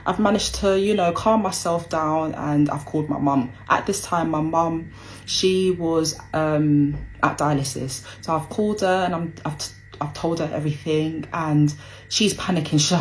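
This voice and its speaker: A woman's voice: low voice, normal speed, slight background noise, poor audio. A young woman telling a personal story, hesitant with lots of ums and acting out what people said.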